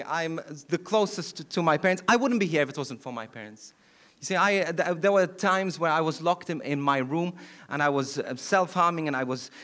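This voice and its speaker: Middle-aged priest from malta giving a talk, earnest, kinda high voice, restarts a lot. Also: male voice. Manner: earnest, with frequent restarts and warm laughs. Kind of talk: public talk with audience questions. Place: event hall.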